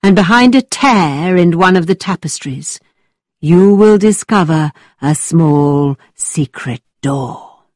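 A woman plays a playful young gentleman spinning a spooky tale in a lowered, dramatic voice. He takes his time over every phrase, close and dry. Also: lively intonation, no room sound. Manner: low, slow and dramatic.

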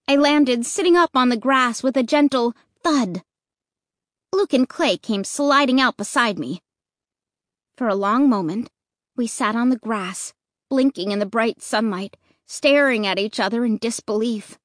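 A woman reading a children's book aloud in first person, expressive and rising with the action. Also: a little high, unhurried, dry recording, studio quality. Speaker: audiobook narrator. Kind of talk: first-person storybook narration.

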